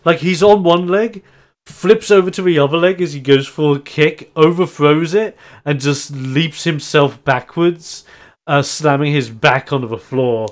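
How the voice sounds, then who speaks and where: A man's voice: fairly high pitch, measured pace. A man, running a tabletop role-playing game as game master, narrating the action with lots of energy and frequent laughter. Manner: animated narration, laughs often.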